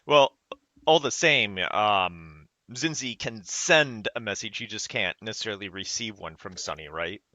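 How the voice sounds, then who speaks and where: A man's voice: on the low side, expressive, unhurried, bright, forceful tone, no echo. A man playing a tabletop game who thinks aloud and checks the rules as he goes. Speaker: player. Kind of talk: casual tabletop play.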